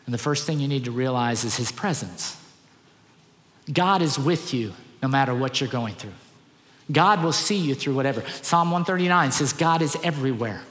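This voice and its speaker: A man preaches a sermon as a pastor, earnest and emphatic, repeating his key phrases. His mid-range voice is fairly bright, with lively intonation at a normal speed, and a long reverb tail trails each line.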